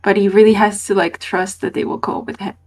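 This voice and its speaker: A woman playing a tabletop role-playing game, speaking softly and thinking aloud about what her character would do. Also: mid-range voice, level tone, brisk, faint music behind. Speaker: player. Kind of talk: casual play discussion.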